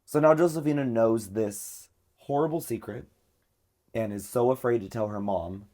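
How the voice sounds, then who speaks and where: A man's voice: medium pitch, moderate pace, mellow. A man hosting a podcast, telling a story in casual chat and filling it with lots of filler words. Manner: chatty, many filler words. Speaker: podcast host.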